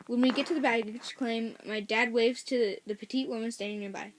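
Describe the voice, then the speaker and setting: A woman reads a novel aloud in a casual, first-person way. She often stops to correct herself and adds chatty asides. Her voice sits somewhat high. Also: fairly even intonation, brisk, slight background noise. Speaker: story reader.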